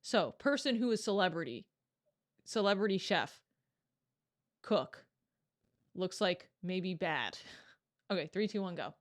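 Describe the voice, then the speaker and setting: A young woman streamer chatting casually while reacting to a video, curious and quick to laugh. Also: fairly low pitch, lively intonation.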